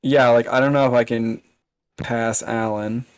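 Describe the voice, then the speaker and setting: A man's voice: mid-range voice, fairly even intonation, measured pace, clear, resonant tone. A man playing a board game, chatting casually and muttering to himself while counting.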